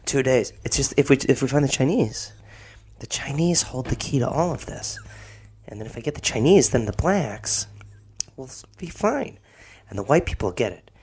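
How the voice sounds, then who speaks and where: A man playing a frazzled middle-aged official who is losing his mind and rambles fast. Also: medium pitch, lively intonation, a little mellow, slightly rough. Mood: manic.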